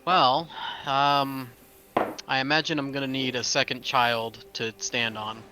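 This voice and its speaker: A man playing a tabletop game, talking through his moves in a deliberate, wry way. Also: mid-range voice, level tone, pushed and bright, slight background noise. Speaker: player.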